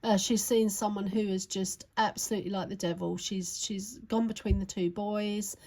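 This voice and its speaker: A woman reads tarot cards aloud in a loose, chatty ramble, full of fillers and questions tossed back at the listener. Her voice is low in brightness and mellow, with a gravelly fry running through it. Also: steady tone, moderate pace, poor audio. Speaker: tarot reader. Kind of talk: casual tarot reading to camera.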